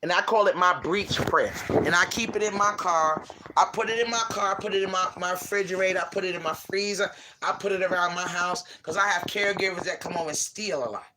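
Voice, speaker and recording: A man's voice: sits high, fairly quick, noisy background. A man ranting to his viewers in a heated, profane, preachy way, talking into his phone. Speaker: vlogger. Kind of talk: casual rant to viewers.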